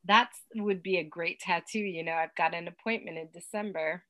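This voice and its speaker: A woman's voice: fairly low pitch, moderate pace. A young adult woman co-hosting a podcast, chatting casually and laughing easily. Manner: giggly, lively storytelling. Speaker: podcast co-host. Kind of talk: casual movie-review chat.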